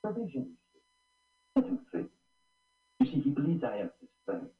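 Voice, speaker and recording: A man's voice: a little high, wildly swooping pitch, moderate pace, creaky, soft background music, full character voice. An actor playing a sly, plotting male pirate villain in an old film. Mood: scheming. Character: scheming cowardly-hating male pirate villain. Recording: tinny echoey old film soundtrack.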